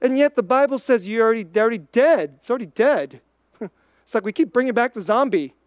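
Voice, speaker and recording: A preacher giving an informal, conversational sermon, chatty and full of "like", swinging between quick bursts and slow, quiet emphasis. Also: mid-range voice, expressive, dry recording, studio quality.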